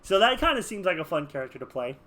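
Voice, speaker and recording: A man's voice: sits high, fast talker. A man chatting casually while building a game character, rambling with lots of fillers. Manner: rambling, filler-heavy, animated. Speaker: gaming video creator.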